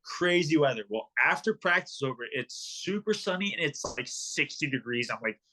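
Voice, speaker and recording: A man's voice: medium pitch, animated, fairly quick, bright, forceful tone. A young man in his twenties, a professional hockey player, telling rambling stories in a casual podcast interview, full of ums and likes. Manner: rambling, filler-heavy storytelling.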